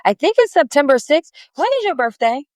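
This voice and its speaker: A woman's voice: sits high, big pitch swings, a little fast, darkish tone, no room sound. A woman guest on a business podcast, chatting in a rambling, friendly way with many restarts. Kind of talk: casual interview chat.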